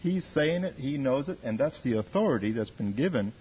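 A man's voice: medium pitch, expressive, fairly quick, muffled recording, a little hiss or hum. A man from the congregation sharing an earnest testimony in a group discussion, repeating words as he thinks. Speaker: church member.

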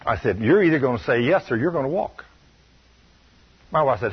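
Stern preacher, husky lo-fi radio. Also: male voice, mid-range voice, lively intonation, brisk, pauses often. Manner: stern, emphatic storytelling, shifting loud and soft. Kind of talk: sermon with personal stories.

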